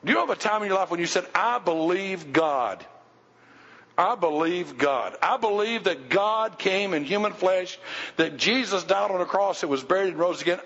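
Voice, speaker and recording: A man with a high voice preaches a sermon in a church, emphatic and direct, questioning his listeners as he goes. His voice rings with a long hall reverb. The recording is dull and lo-fi. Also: fairly bright tone. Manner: emphatic, asks the congregation questions. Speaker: pastor. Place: church sanctuary.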